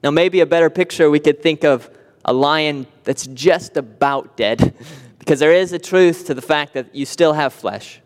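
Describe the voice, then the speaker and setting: A man's voice: fairly high pitch, normal speed, long reverb tail. A man preaching a sermon earnestly, with vivid imagery and rhetorical repetition. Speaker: pastor.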